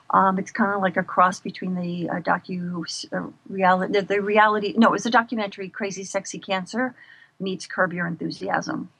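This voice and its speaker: Guest: middle-aged woman, slight vocal fry, dry close sound, lively storyteller. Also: on the low side, no room sound. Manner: animated, expressive storyteller. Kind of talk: casual interview chat.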